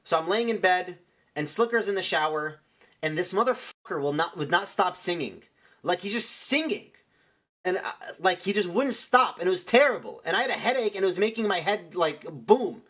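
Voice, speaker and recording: A man's voice: sits high, expressive, normal speed, bright, forceful tone. A young man streamer telling a rambling story in casual chat, full of "like" and restarts.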